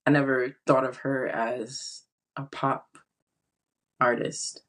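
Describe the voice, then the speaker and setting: A woman's voice: a bass voice, little pitch movement, slow pace, a bit bright. A woman co-hosting a podcast in casual chat, hedging her opinions with frequent restarts and fillers. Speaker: podcast co-host.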